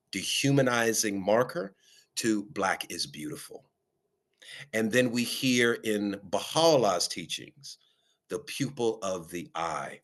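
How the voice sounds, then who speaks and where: Low-voiced man speaking reflectively. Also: a bit bright. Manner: measured, with frequent ums and rhetorical "right?". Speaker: guest speaker. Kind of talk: reflective conversational talk.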